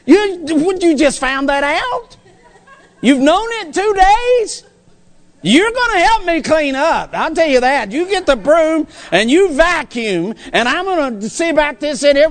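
A man's voice: extremely high pitch, sing-song, a bit bright, pitched above the performer's own voice, heavily acted. A male preacher acting out a flustered husband who hurries his wife to clean the house before guests arrive. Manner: hurried, exasperated.

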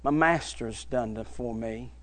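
A man's voice: medium pitch, a little slow, voice pushed down, natural voice. A man voicing a steadfast, humble young male servant in a sermon, speaking earnestly and plainly.

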